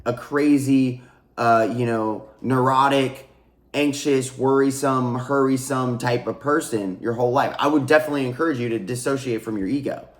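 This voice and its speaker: A man's voice: medium pitch, steady tone, normal speed, reverberant. A man giving a casual spiritual teaching monologue, earnest and repetitive, restarting phrases and addressing his viewers as guys. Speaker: spiritual coach and channel host.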